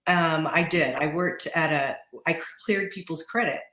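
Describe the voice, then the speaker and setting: A woman in her forties, a podcast guest talking casually, chatty and quick to laugh, often restarting and repeating words. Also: low-pitched, fairly bright tone, echoey room. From Utah. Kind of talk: casual interview talk. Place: podcast studio.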